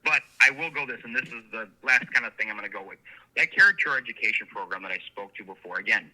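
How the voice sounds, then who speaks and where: A man's voice: on the low side, animated, quick pace, bright, forceful tone. A man, a sheriff candidate and guest, telling long, earnest anecdotes in a casual interview. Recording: phone line.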